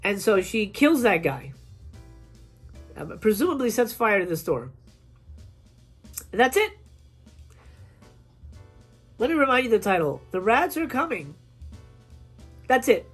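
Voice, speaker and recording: A woman's voice: on the high side, measured pace, long pauses, breathy edge, soft background music. Ranting, swearing woman film reviewer. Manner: animated, swears a lot, acts out scenes in quoted voices. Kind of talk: casual, profane film review rant.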